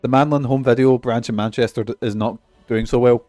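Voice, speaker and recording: A man's voice: mid-range voice, fairly even intonation, fairly quick, darkish tone, dry recording, faint music behind. A Scottish man streaming a video game, chatting casually in a profane, joking, rambling way.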